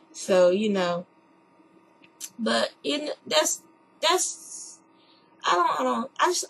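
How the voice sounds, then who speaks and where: A woman with a fairly high, gravelly voice tells a personal story, casual and candid, talking as if to a friend. A faint hum sits under the recording. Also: low-quality recording. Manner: candid, chatty, animated retelling. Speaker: podcast host.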